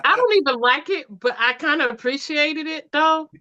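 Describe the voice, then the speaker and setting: A woman on a casual music talk show with a lively, swooping voice pitched somewhat high. She talks emphatically and acts out the beats with her voice. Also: normal speed, dull audio. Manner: animated, mimics drum sounds, emphatic. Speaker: podcast co-host.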